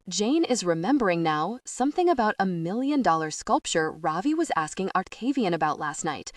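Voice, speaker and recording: A woman narrating an audiobook in a steady, expressive storytelling manner into a close mic. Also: lowish voice, normal speed, few pauses, no echo. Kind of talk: scripted narration.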